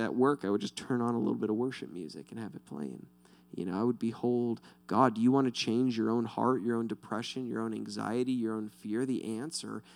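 A man preaching a relaxed, conversational sermon with a gravelly edge in his voice, pitched in an ordinary middle range. He talks directly to his listeners as a pastor. He keeps checking in with them by asking "right?".

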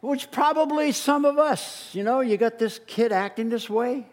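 A middle-aged man preaching a sermon as a pastor, telling the story in an animated way and acting out the voices he quotes. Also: very high voice, moderate pace. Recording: long reverb of a large hall.

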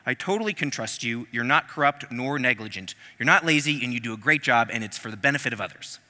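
A man's voice: mid-range voice, animated, fast talker, bright, forceful tone. A man voicing a gushing male boss who heaps praise on a worker in an effusive way. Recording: long hall reverb.

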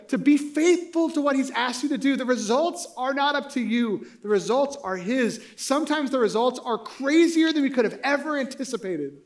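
High-voiced conversational man preaching. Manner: conversational, rhetorical "right?" asides. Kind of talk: sermon.

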